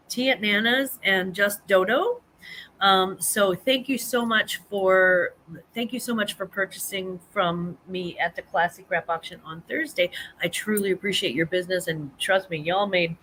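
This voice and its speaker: Woman, casual live-stream host, rambling and chatty, bright tone, faint room ambience. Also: on the low side, a little hiss or hum, poor audio. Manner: chatty, rambling, many ums and restarts. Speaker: host of a live reselling chat show.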